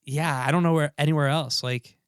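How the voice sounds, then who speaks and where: A man's voice: on the high side, steady tone, brisk, clear, resonant tone, no echo, studio quality. A man co-hosting a podcast in casual chat, joking and loose, swearing now and then. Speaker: podcast co-host.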